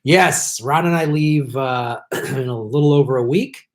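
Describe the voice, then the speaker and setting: A man hosting a casual live stream, chatting with viewers, clearing his throat often and swearing in frustrated outbursts at the tech. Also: medium pitch, measured pace. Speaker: political comedian and live stream host.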